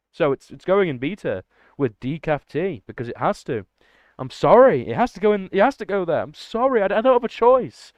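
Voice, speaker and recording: Excitable young man streaming. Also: high-pitched, brisk, dry recording. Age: young adult. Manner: excitable and rambling, talking to chat. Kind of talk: casual livestream chat. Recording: dull lo-fi dry mic.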